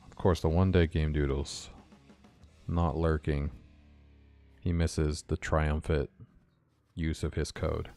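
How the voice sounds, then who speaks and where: A young man from California chatting casually with his viewers while he codes, quick to laugh. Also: very deep voice, flat delivery, creaky, mellow, soft background music. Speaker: game developer streaming. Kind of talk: casual live-stream chat while coding.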